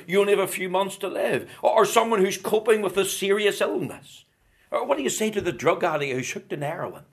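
A man preaching a sermon, building rhetorical questions and swinging from loud declarations to hushed tones. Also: on the high side.

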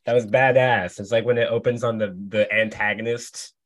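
A man's voice: fairly low pitch, fairly even intonation, moderate pace, no echo. A man joking around as a player in a casual tabletop game session. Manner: joking, playful. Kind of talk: casual chat.

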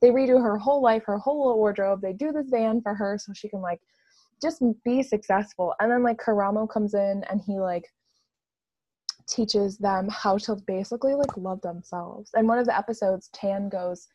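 A woman's voice: mid-range voice, normal speed, warm tone, dry recording, muffled recording. A woman chatting casually and gushing enthusiastically, with lots of "like" fillers. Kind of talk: casual chat.

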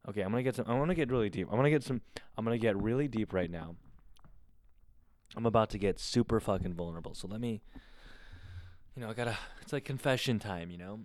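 A man hosting his own podcast alone, chatting casually in a rambling, excitable way with a lot of swearing. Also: on the low side, fairly quick, dry recording, studio quality. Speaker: podcast host. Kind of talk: casual solo podcast chat. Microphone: close studio mic on camera.

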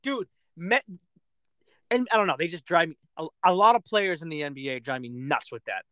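Male co-host, very high pitch, dry mic, animated profane rants. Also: a little fast, no room sound, low-quality recording. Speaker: podcast co-host. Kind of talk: casual sports chat.

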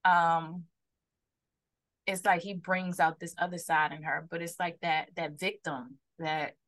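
A woman's voice: fairly low pitch, level tone, measured pace, fairly bright tone. A woman co-hosting a podcast, chatting casually and acting out quotes as she tells stories. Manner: storytelling, acts out quotes in shifting voices. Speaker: podcast co-host. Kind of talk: casual chat.

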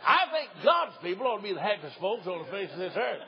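A man's voice: sits high, very animated, quick pace. A man in his sixties with an East Tennessee accent, an evangelist telling folksy, joking stories in a sermon and laughing often. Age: 60s. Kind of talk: humorous sermon storytelling. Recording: dull lo-fi recording.

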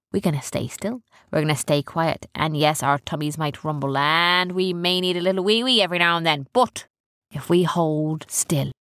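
A woman voicing a cautious older male pirate captain who gives hushed, commanding orders. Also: fairly low pitch, no echo, clean studio sound.

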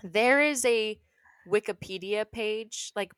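A young woman co-hosting a podcast, chatting casually in an animated, rambling way and laughing often. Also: medium pitch, slow, smooth, dry recording, studio quality. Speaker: podcast co-host. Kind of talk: casual chat.

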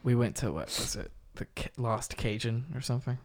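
A man's voice: medium pitch, a little fast. A man with a Southern US accent chatting casually on a podcast, laughing often as he tells stories. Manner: laughs often, easygoing storytelling. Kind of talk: casual chat.

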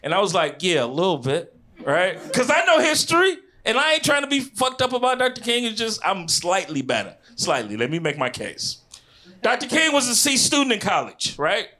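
A high, bright-voiced young man from Chicago with a Midwestern accent, working a comedy club crowd. His pitch swings wildly as he builds to shouted punchlines, full of slang and asides. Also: sing-song, brisk. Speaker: stand-up comedian. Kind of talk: stand-up comedy set.

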